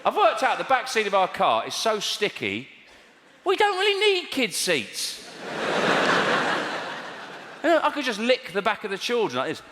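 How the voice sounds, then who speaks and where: Performing stand-up in a large theatre, a man from England talks fast with hardly any pauses, his high voice swinging widely in pitch. His act is wry and exasperated, punctuated by mock outrage. Heavy background noise, an echoey hall and loud audience laughter come through the stage mic.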